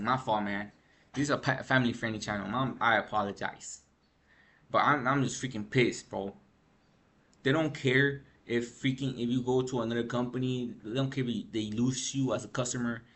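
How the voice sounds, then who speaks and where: Man, gaming vlogger, tired, rambling slangy rant, mid-pitched voice. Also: a little fast, fairly bright tone. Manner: rambling, slangy, frequent "bro" and "freaking". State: tired from lack of sleep. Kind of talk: casual ranting commentary.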